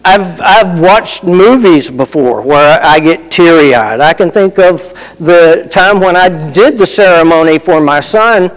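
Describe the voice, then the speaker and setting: A man's voice: fairly high pitch, lively intonation, a little slow, few pauses, in a large hall, rough recording. A middle-aged man preaching a sermon in a folksy, conversational way, telling personal stories with asides. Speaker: pastor.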